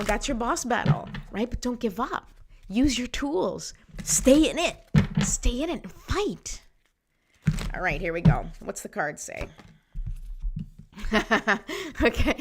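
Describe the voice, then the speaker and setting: A woman's voice: medium pitch, gravelly, noisy background. A woman host giving a casual motivational talk to viewers, chatty and encouraging, often checking in with "right?", her voice sometimes thinning out. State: voice sometimes gives out.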